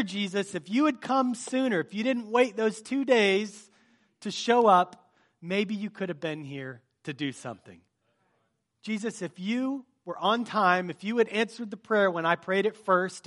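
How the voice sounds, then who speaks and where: A man's voice: high-pitched, a bit bright, pitched above the performer's own voice. A man preacher voicing a frustrated grieving woman who pleads and reproaches, in a sermon.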